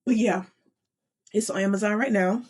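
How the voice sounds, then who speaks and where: A woman's voice: medium pitch, moderate pace, husky. A woman hosting a motivational podcast, talking directly to her listeners and calling them y'all, moved almost to tears. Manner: animated, addresses listeners as y'all. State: emotional, near tears. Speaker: podcast host and author.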